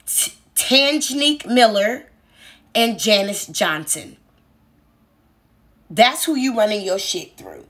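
A woman's voice: mid-range voice, animated, unhurried, a bit bright. A woman commentator mocking a speaker in a teacherly, sarcastic way. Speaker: online commentator.

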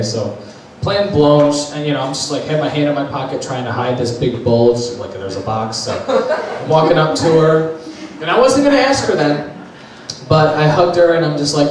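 A young man, a youth leader, telling a casual story to a group, animated and laughing as he talks. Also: fairly high pitch, moderate pace. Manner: animated, laughing through his own story. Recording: echoey room, distant mic, background noise.

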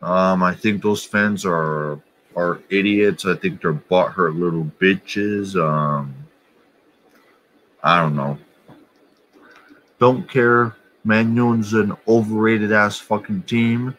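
In poor audio, a man with a low, somewhat bright voice speaks with fairly even intonation. He's a vlogger chatting casually about soccer and other channels, slow and offhand, blunt and swearing without a second thought.

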